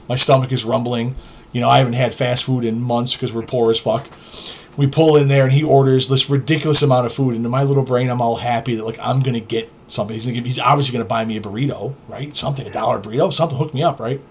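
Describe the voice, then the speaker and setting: A middle-aged man from New York hosts a podcast, telling stories casually. He is blunt and profane, and he rambles. His voice sits at an ordinary middle pitch. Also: steady tone, fast, husky. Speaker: podcast host. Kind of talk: casual storytelling.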